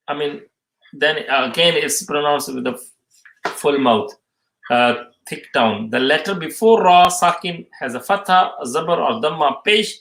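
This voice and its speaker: Male tajweed teacher, slightly high voice, hesitant, repeats terms, roomy echo. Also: a bit bright. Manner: halting, many fillers, restates terms twice. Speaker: Quran recitation teacher. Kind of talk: live tajweed lesson, reading questions and answers. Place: mosque or Islamic centre room.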